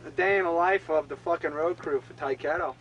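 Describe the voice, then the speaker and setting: A man's voice: on the high side, fairly quick, highs cut off, a little hiss or hum. A man from a band's road crew, sitting on a tour bus and telling a laughing, profane anecdote to the camera. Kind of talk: casual storytelling to camera.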